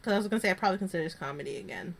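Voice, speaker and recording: A woman co-hosting a podcast, chatting casually and retelling scenes with quick acted-out lines. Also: lowish voice, animated, gravelly. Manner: chatty, acts out characters' lines while retelling. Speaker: podcast co-host. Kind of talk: casual chat recapping a soap opera.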